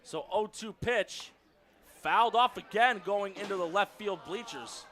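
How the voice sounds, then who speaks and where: A man calling baseball play-by-play on radio, lively and rising on the big strikeouts. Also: high-pitched, a little slow. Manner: lively calls that rise on strikeouts. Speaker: play-by-play announcer.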